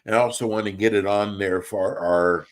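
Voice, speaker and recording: Folksy low-voiced male talk show host. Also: fairly even intonation, normal speed. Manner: chatty, folksy, loses his train of thought. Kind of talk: live radio talk show chat. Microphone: remote call with a bad connection.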